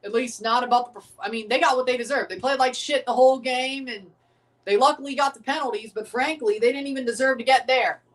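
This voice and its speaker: A man's voice: very high voice, fairly even intonation, fast talker, a bit bright, far from the mic. A man hosting a live sports watchalong, ranting profanely and repeating himself. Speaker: livestream watchalong host. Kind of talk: live sports reaction rant. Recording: voice a bit off the mic.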